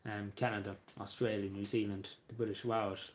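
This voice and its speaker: Halting young Irish man. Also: lowish voice, little pitch movement. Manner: halting, many ums, repeats phrases. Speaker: vlogger answering viewer questions. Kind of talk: casual Q&A monologue.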